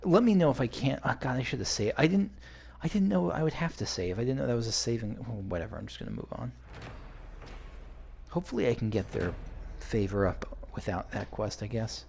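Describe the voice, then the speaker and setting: A man's voice: lowish voice, animated, normal speed, gravelly, husky. A man rambling through casual gameplay commentary for a let's play, chatty and swearing when frustrated.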